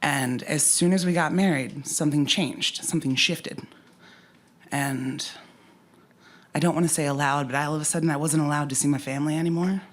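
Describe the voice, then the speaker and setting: A woman's voice: low-pitched, fairly even intonation, normal speed. A woman telling a personal story at a live story slam, candid and conversational, with frank asides.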